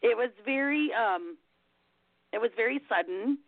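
A woman's voice: on the high side, lively intonation, a little slow, gravelly, dry recording. A woman hosting a podcast over a phone call, crying as she talks, emotional and apologetic. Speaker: podcast host. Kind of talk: casual radio chat. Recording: tinny dry phone line.

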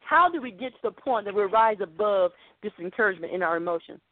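Over a dry, narrow, phone-like line with no room sound, a woman with an expressive, medium-pitched voice delivers a podcast sermon. She preaches a little fast, in an earnest, conversational way.

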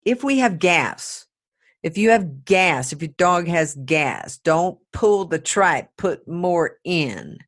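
A woman hosting a podcast in casual chat, giving brisk, emphatic advice. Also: on the low side, sing-song. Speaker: podcast host.

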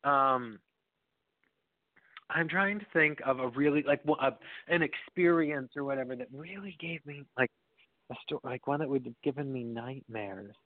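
A man's voice: mid-range voice, normal speed, no room sound. A man co-hosting a podcast in casual chat, telling loose stories and laughing often. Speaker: podcast co-host. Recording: dry, tinny phone-like audio.

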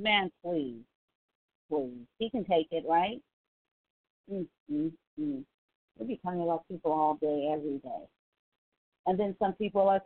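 Woman, mid pitch, sassy mocking commentary, narrow phone-like audio. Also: expressive, unhurried, long pauses. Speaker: commentary vlogger. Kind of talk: casual commentary. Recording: tinny phone-like sound.

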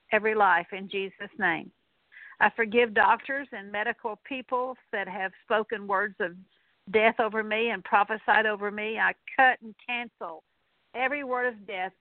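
A woman's voice: medium pitch, no room sound. A woman minister leading a radio deliverance prayer, speaking earnest, repetitive declarations with occasional fillers. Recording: tinny narrow-band radio sound.

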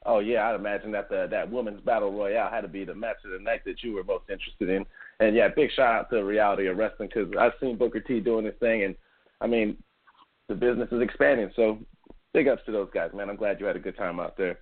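A man's voice: lowish voice, steady tone, fast talker, slightly rough. Man hosting over a tinny line. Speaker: podcast host. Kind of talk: casual boxing podcast chat.

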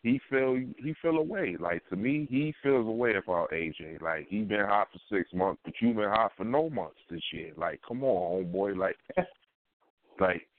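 A man's voice: on the low side, animated, unhurried. A man co-hosting a podcast in casual chat, talking in emphatic slang and repeating himself for effect. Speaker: podcast co-host. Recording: phone-like line with faint noise.

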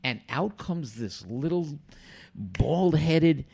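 An older man, a guest telling animated stories from his past and acting out other people's lines. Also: a little high, slow pace, creaky, husky. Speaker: interview guest. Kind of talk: storytelling in a podcast interview.

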